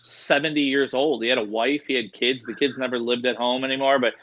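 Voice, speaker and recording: A man, an animal expert, telling animated, slangy stories in a casual interview, full of "dude" and "like". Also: mid-range voice, a little fast, muffled recording. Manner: animated, excitable, slangy, says "dude" and "like" a lot. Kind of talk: casual storytelling in a podcast interview.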